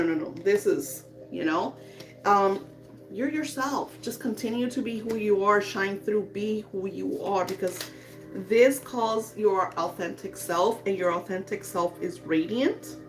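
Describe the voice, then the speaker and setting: A woman gives a live psychic reading in a gentle, reassuring voice with a middle pitch. She talks in soft, flowing affirmations, and faint music plays behind her. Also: moderate pace. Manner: soft, soothing, spiritual affirmations. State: emotional. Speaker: psychic reader.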